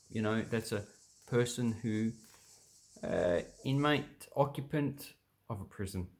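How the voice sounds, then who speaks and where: Halting Australian man explaining words. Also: mid-range voice. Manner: halting, many fillers and restarts, thinks aloud. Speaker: language vlogger. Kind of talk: casual explainer, reading from a dictionary.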